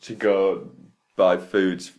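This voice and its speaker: A man's voice: low-pitched, flat delivery, drawn-out words, crowd noise. A young man co-hosting a casual podcast, chatting loosely and swearing freely. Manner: swearing, laid-back banter. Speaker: podcast co-host. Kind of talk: casual chat. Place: attic room.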